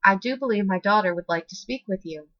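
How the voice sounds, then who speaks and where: A woman voicing a gentle, motherly Victorian lady with a soft British accent. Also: mid-range voice, a little fast, highs cut off, close to an everyday voice. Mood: polite. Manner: soft-spoken, polite.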